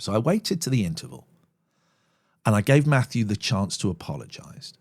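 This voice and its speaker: A middle-aged man, hosting a live phone-in show, blunt and sweary, given to loud angry rants. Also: fairly low pitch, big pitch swings, normal speed. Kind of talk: live-streamed phone-in talk.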